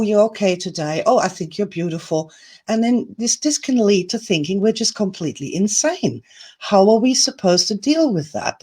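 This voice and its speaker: A woman's voice: mid-range voice, warm tone, husky. A woman teaching a self-help lesson in a chatty, playful, emphatic way. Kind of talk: recorded video lesson.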